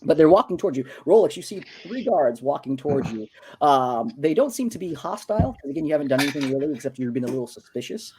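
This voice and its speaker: A man's voice: on the high side, very animated, fast talker, a little mellow, slight background noise. A man narrating as game master of a tabletop game, loose and stammering with many fillers.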